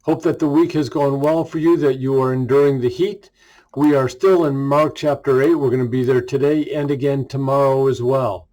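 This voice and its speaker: A male pastor giving a relaxed daily devotional, reading scripture and retelling it in a casual, conversational way. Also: mid-range voice, normal speed, rough recording.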